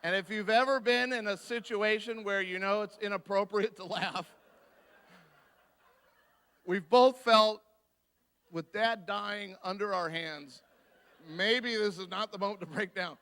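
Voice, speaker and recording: A man preaching a sermon as a guest speaker, telling his story in an animated way and acting out each voice. His voice is high and bright with a gravelly, creaky edge. He talks at an unhurried, deliberate pace. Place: church.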